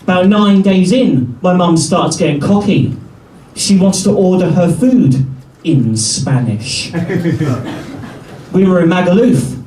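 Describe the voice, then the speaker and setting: A man in his thirties doing a stand-up set, telling stories wryly with pauses before the punchlines. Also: sits high, lively intonation, warm tone, slight background noise. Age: 30s. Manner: wry storytelling with punchline pauses. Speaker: stand-up comedian. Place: comedy club stage. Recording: roomy club sound from a distance.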